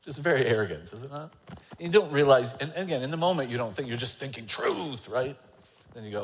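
A man's voice: medium pitch, fairly quick, in a large hall. A man, an elder preaching a sermon, talking candidly and conversationally with a self-deprecating manner. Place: church sanctuary.

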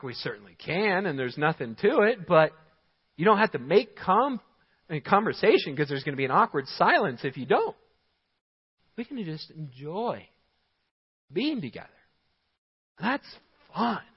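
A man's voice: high voice, big pitch swings, moderate pace, long pauses, husky. A man preaching a sermon as pastor, emphatic, giving short commands and chuckling at his own points. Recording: dull sound in a large hall with long reverb.

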